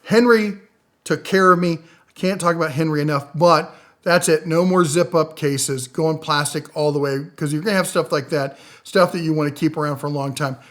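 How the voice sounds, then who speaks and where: A middle-aged man with a fairly high voice runs through tool deals in a casual, rambling way. He is enthusiastic, his voice jumping up and getting louder on items he likes, then dropping low and quiet for asides. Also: moderate pace. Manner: enthusiastic, rambling, with lively swings in loudness and pitch. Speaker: tool reviewer. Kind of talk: casual product rundown.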